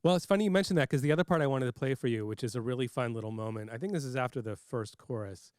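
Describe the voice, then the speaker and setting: A man's voice: medium pitch, rapid-fire, a little mellow, no echo, clean studio sound. A man co-hosting a podcast, talking playfully about mixing and sound in a casual music chat. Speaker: podcast co-host, music producer.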